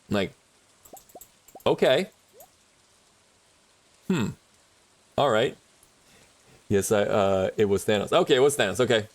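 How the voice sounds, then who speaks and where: A man's voice: medium pitch, animated, measured pace, long pauses. A man streaming a game, chatting casually and rambling with frequent laughs. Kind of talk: casual chat while gaming.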